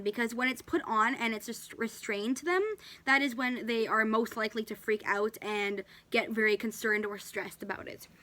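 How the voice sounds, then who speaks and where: A woman's voice: a little high, a bit bright. A woman casually demonstrating dog training at home, explaining each step and talking to her dog along the way. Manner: chatty, talks to her dog between explanations. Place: indoors at home.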